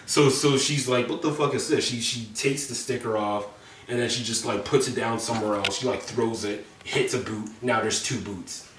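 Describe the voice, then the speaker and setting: A man's voice: mid-range voice, steady tone, moderate pace, fairly bright tone, a little hiss or hum. A young man casually recapping a story to friends, rambling with lots of fillers and swearing. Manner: rambling, filler-heavy, profane. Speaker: presenter. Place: indoor room with friends. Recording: echoey room mic from a distance.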